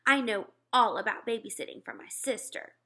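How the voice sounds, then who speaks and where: A woman's voice: a little high, lively intonation, normal speed, pushed and bright, full character voice. A woman reading aloud, voicing a pushy, eager schoolgirl who talks in a gushing, pleading way. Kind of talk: storybook read-aloud.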